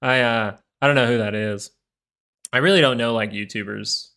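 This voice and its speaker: A man's voice: mid-range voice, normal speed, vocal fry, pushed and bright. A man hosting a live stock market stream, talking casually in a rambling, chatty way. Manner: rambling, chatty, full of fillers and asides.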